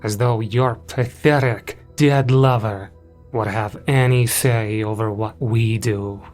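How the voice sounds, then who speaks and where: A man voicing a cruel, contemptuous winged male creature in a horror story, taunting in a slow drawl. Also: on the low side, steady tone, darkish tone. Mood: menacing. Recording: music in the background.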